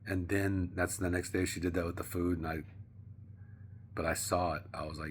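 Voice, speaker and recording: A man vlogging in a casual, rambling monologue, profane and slangy, sometimes dropping to a hush. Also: low-pitched, steady tone, normal speed, slight background noise.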